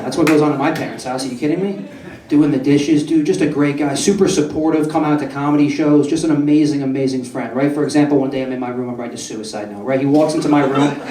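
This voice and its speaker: A man's voice: mid-range voice, far from the mic. Brash young man doing stand-up, roomy echo. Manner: profane, brash, keeps asking the crowd "right?". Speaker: stand-up comedian. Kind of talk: stand-up comedy set. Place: comedy club stage. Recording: roomy club echo, voice off-mic.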